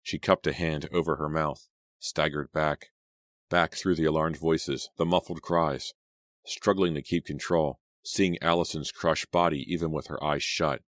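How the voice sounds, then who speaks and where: A man with a very deep voice narrates a teen horror story in a deliberate, suspenseful way. The recording is dry and close, with no room sound around him. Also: steady tone, dry recording. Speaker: audiobook narrator.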